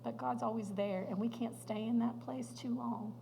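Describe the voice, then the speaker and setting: Gravelly-voiced woman sharing testimony. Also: on the high side, steady tone, moderate pace, background noise. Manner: earnest, emotional storytelling with light laughs. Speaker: guest speaker at a women's luncheon. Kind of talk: personal testimony talk. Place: church hall.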